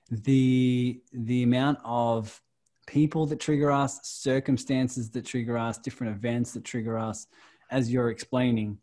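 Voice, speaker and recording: A man hosting a podcast, reflecting and affirming in a casual, soft-spoken way. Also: medium pitch. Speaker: podcast host.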